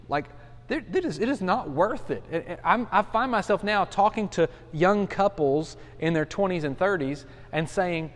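A man's voice: high voice, expressive, moderate pace. A man in his forties, a pastor, teaching a Bible study in a casual, earnest way with frequent restarts and fillers. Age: 40s. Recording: long hall reverb.

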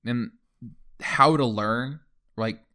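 A man's voice: medium pitch, drawn-out words, sharp tone. A young man hosting a podcast in casual chat, rambling with many fillers. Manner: rambling, lots of fillers like "like" and "you know". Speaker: podcast host.

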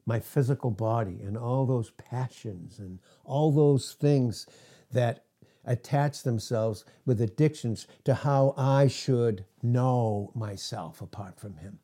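A man's voice: medium pitch, slow pace, warm tone. A man preaching a sermon, reading scripture verses aloud and asking the listeners questions that he answers himself. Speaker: pastor.

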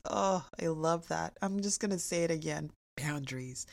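A woman hosting an inspirational podcast, talking emphatically and repeating phrases slowly for effect. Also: low-pitched, creaky, a little mellow. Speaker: podcast host.

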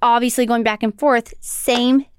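A woman's voice: a little high, unhurried, clear, resonant tone, dry recording, clean studio sound. A woman co-hosting a podcast in casual chat, telling stories with animation and acting out what others said. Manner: animated storyteller who often acts out other people's lines. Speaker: podcast co-host.

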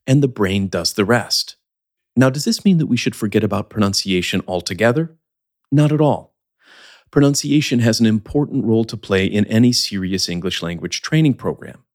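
A man teaching English as the host of a scripted podcast lesson, speaking in a clear, measured, explanatory way. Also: lowish voice, expressive.

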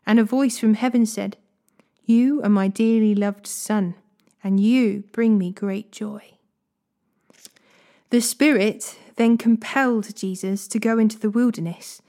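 A woman reading Bible passages aloud in a steady, measured way. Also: a little high. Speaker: Bible reader. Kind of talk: scripture reading.

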